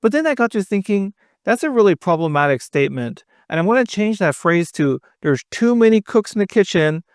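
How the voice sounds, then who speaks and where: A man's voice: high-pitched, big pitch swings, a little fast, clean tone, no echo, studio quality. A man voicing a clueless, earnest male street reporter who rambles and corrects himself.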